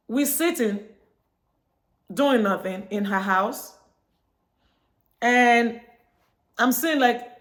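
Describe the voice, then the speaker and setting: A woman from Chicago talking straight to her viewers in a casual monologue, telling a story and acting out both sides of the conversation. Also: a little high. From Chicago, United States. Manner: chatty storytelling, acts out dialogue. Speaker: vlogger.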